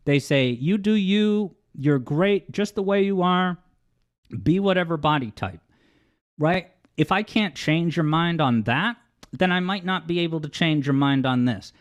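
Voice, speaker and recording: A man's voice: on the high side, normal speed, clear, resonant tone. A man in a played stream clip, lecturing his audience earnestly. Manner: earnest, preachy. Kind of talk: lecturing monologue.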